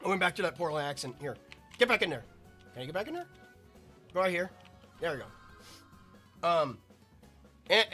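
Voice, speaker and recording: Chatty high-voiced man rambling over gameplay. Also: bright, forceful tone. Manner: rambling, chatty, self-interrupting. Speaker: gaming video creator. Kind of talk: casual gameplay commentary.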